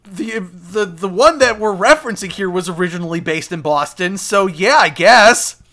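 A man's voice: high voice, lively intonation, normal speed, sharp tone. A man co-hosting a comedy podcast, rambling and swearing freely with many fillers. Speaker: podcast co-host, game pitcher. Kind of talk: casual comedic chat.

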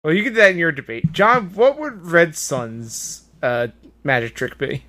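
A man trading wry, quick remarks in a casual comedy podcast. His voice is bright and sharp, sitting a little high. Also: lively intonation. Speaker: podcast co-host.

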